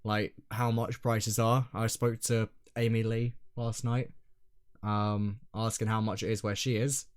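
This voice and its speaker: A young man co-hosting a casual podcast, talking in a rambling, hesitant way that often trails off quietly. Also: on the low side, flat delivery, a little slow, smooth. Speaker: podcast co-host. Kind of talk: casual chat.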